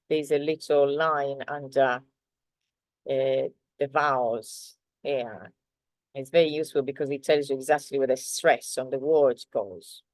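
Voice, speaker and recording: A woman teaching a language lesson, walking through slides patiently with many pauses and fillers. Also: deep voice, no room sound. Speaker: Italian teacher. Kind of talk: grammar lesson explaining slides.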